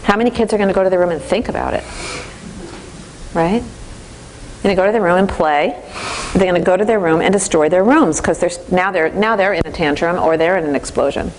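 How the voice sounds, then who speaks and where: A woman instructor giving a lively, conversational lecture in a classroom, speaking straight to the class. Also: fairly low pitch, brisk, pauses often, a little hiss or hum, low-quality recording.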